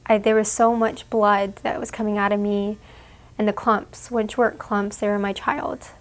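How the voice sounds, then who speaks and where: A young woman giving an emotional personal account in an interview, halting and full of "like"s. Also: mid-range voice, little pitch movement. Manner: halting, fillers, many "like"s.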